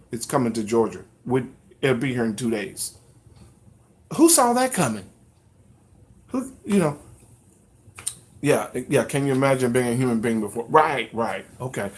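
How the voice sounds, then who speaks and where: Male livestream host, casual chat, animated, mock-newscaster bits. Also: mid-range voice. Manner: animated, playfully mimics news announcements.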